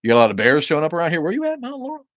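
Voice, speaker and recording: A man's voice: fairly high pitch, huge pitch swings, racing, fairly bright tone, no echo. A middle-aged man hosting a livestream, chatting casually with viewers and rambling profanely between their comments. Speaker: livestream host reading viewer chat.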